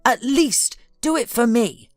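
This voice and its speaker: A woman's voice: a little high, lively intonation, a little slow, dry recording, clean studio sound, faint music behind, voice pushed up. A woman voicing an elderly wealthy father who speaks in an insistent, scolding way.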